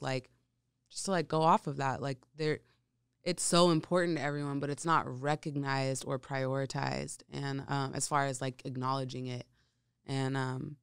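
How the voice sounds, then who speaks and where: A woman's voice: extremely low pitch, clear, resonant tone, no echo, clean studio sound. An American woman, a guest, talking casually and rambling with lots of fillers. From United States. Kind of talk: casual podcast chat.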